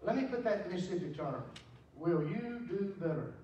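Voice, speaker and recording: A man's voice: high-pitched, animated, normal speed, mellow, highs cut off, slight background noise. An older man preaching a sermon, telling folksy stories with humorous asides. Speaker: pastor. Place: church sanctuary. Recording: very echoey church, distant mic.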